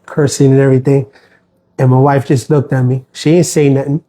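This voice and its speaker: A man's voice: mid-range voice, steady tone, moderate pace, mellow. Aggrieved man rambling on a livestream. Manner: aggrieved, rambling, many fillers and restarts. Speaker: postal worker livestreaming. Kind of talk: casual livestream monologue.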